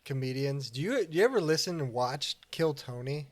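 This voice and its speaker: A man's voice: medium pitch, animated, fairly quick. A young adult man co-hosting a podcast, chatting casually and laid-back, often agreeing with his friend. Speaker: podcast co-host. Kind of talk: casual chat.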